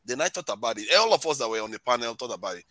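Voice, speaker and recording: A man's voice: mid-range voice, rapid-fire, no echo. A man from Nigeria with a Nigerian accent, telling stories in a casual panel chat and laughing often. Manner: laughs often, animated storytelling.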